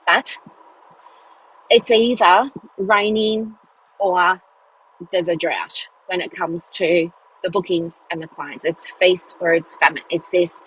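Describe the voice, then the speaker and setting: Over a rough recording, this woman, a business mentor, speaks slowly in a husky voice on the low side. Her solo podcast is chatty and animated, her stories crowded with fillers and playful "guess what" asides.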